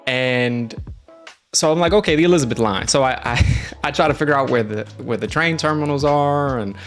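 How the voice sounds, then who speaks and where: A man casually telling a travel story on his stream, animated and jumping into quoted voices. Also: mid-range voice, normal speed, clear, resonant tone, soft background music.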